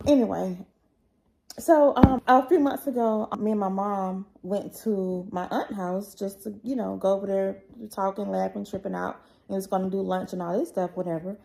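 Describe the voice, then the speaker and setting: A woman's voice: mid-range voice, gravelly, dark tone, slight background noise, poor audio. A woman vlogger recounting a painful personal story in a rambling, emotional way, full of fillers.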